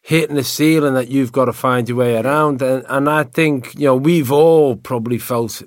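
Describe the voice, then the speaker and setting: A man's voice: mid-range voice, moderate pace, no room sound, clean studio sound. A man co-hosting a casual conversation, reflective and thinking aloud, often repeating words as he goes.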